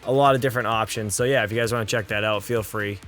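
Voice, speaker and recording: A man's voice: on the low side, steady tone, fast talker, music in the background. A man co-hosting a live stream, talking in a loose, rambling and enthusiastic way. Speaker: co-host. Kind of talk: casual live stream chat.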